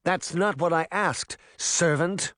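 A man's voice: a little high, very animated, a little slow, dry recording, clean studio sound, pitched above the performer's own voice. A man voicing an icy, imperious sorceress queen. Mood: stern. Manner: cool, clipped and commanding. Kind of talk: audiobook character reading.

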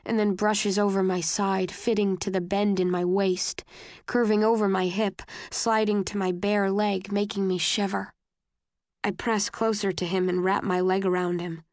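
A woman reads a first-person novel aloud in a slow, soft, intimate manner. Her voice sits at a middle pitch. The recording is close and dry, with no room sound. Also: flat delivery, dry recording. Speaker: narrator. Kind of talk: scripted novel narration.

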